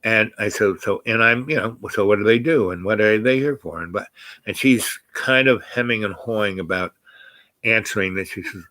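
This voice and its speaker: A man's voice: on the low side, pushed and bright, no echo. Rambling older man telling a story. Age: 80s. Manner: rambling, halting, many fillers and restarts. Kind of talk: casual personal storytelling.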